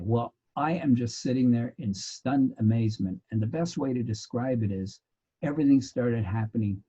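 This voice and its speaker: A man's voice: mid-range voice, husky, dull audio. A man teaching a sociology lecture, telling anecdotes. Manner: animated storyteller, bursts into loud laughter. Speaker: sociology instructor.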